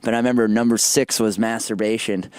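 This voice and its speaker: A man's voice: lowish voice, steady tone, a little fast, darkish tone, clean tone, no echo. A male podcast host in casual comedy chat, telling loose stories and acting out the quotes. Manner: loose storytelling, acts out quotes.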